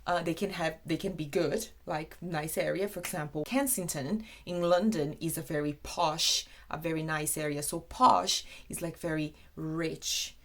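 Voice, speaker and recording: A young Brazilian woman whose first language is Portuguese, teaching British expressions in a chatty, animated video lesson. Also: low-pitched, moderate pace, few pauses. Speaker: English teacher.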